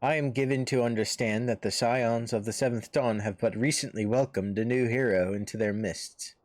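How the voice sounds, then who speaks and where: A man voicing a flattering, courtly naval officer recruiting a hero in a game. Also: medium pitch, normal speed, dry recording, natural voice.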